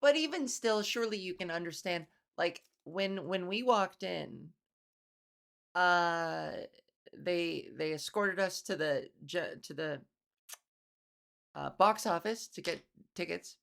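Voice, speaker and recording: A woman's voice: lowish voice, slow, vocal fry, a bit bright. A woman hosting a solo podcast, telling rambling, wry stories with casual swearing. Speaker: podcast host. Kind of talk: late-night solo podcast monologue.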